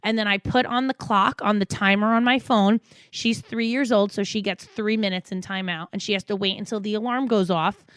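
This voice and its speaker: A frank, foul-mouthed mother holds forth on a podcast in a mid-pitched woman's voice. She acts out her own lines and her kids' replies as she goes. The sound is close and dry, with no room in it. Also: steady tone, brisk, a bit bright, smooth, dry recording. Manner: blunt, frank, swears freely, acts out quotes. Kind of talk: casual podcast chat.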